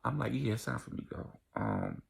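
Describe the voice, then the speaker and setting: A man's voice: medium pitch, huge pitch swings, a little fast, creaky, slightly rough. A young man telling a casual storytime vlog, acting out the voices of people in his story.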